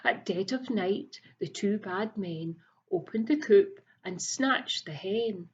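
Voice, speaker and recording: A woman reading a rhyming picture book aloud in a slow, soft, rhythmic way, like a teacher at story time. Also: mid-range voice. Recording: dull lo-fi recording.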